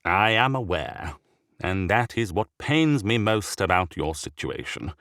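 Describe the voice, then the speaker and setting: Sickly old bishop, raspy and loud, slow heavy growl, put on by a male narrator; storybook reading, dry close sound. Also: fairly low pitch, big pitch swings, no echo, voice pushed up, exaggerated voice. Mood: grave, weary.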